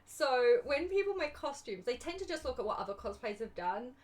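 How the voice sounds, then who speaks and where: Young english woman, chatty livestream talk, giggly and rambling, lively up-and-down voice, fairly high. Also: brisk. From England. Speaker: livestreamer and cosplay judge. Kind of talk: casual livestream chat.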